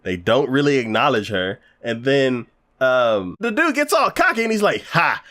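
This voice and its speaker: Chatty man with a lively voice. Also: medium pitch, normal speed. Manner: rambling, acts out scenes in quoted voices. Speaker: anime podcast co-host. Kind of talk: casual review chat.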